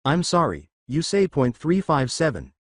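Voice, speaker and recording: Man, blunt ex-soldier teacher, curt, matter-of-fact, narrator's own voice, animated, dry. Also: fairly high pitch, moderate pace, dry recording.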